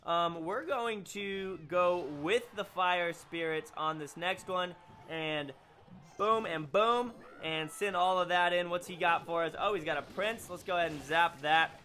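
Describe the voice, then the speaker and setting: Young male gaming host, bright, sharp tone, jumpy play-by-play over his own match. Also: sits high, unhurried, a little hiss or hum. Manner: excitable, exclaims and groans at the game. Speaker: gaming YouTuber. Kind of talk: live gameplay commentary.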